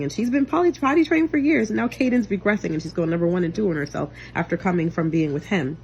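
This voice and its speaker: A young adult woman giving an emotional personal testimony to camera, earnest and intense, swinging between loud outbursts and quiet low passages. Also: animated, fast, hardly any pauses, a little hiss or hum. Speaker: vlogger and single mother.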